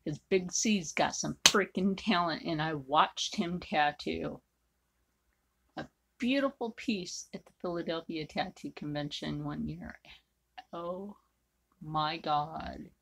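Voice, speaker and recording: A woman's voice: low-pitched, takes it slowly, vocal fry, a bit bright, slightly rough. A woman artist chatting bluntly and rambling with many fillers while she draws. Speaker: artist drawing on camera. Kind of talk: casual chat while drawing.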